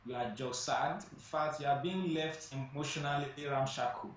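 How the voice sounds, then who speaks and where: A man's voice: mid-range voice, moderate pace. A man speaking as a guest on a studio talk show, emphatic and repeating phrases for stress. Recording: echoey distant room mic, faint noise.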